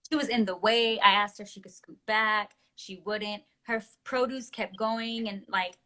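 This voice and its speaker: A woman interviewing over a video call, telling stories in an animated way. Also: mid-range voice, moderate pace. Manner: animated storyteller.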